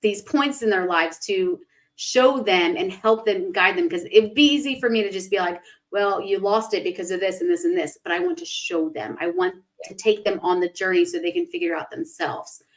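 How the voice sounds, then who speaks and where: Animated woman hosting a livestream chat. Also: medium pitch, normal speed, low-quality recording. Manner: animated, acts out quoted thoughts in a raised voice. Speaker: spiritual life coach and livestream host.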